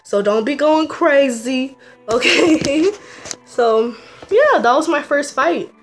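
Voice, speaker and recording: A teenage girl vlogging a casual storytime, animated and laughing as she tells it. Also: sits high, slow pace. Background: faint music.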